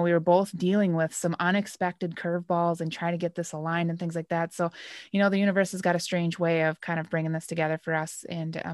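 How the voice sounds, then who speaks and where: A woman's voice: fairly low pitch, dry recording, clean studio sound. A woman hosting a podcast interview, speaking in a reflective way with many fillers. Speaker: podcast host. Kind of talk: conversational interview.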